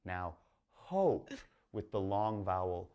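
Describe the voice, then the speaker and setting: A man with a very deep, gravelly voice teaching English pronunciation in a recorded lesson. He speaks slowly and flatly, in an unhurried, laid-back monotone. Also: highs cut off.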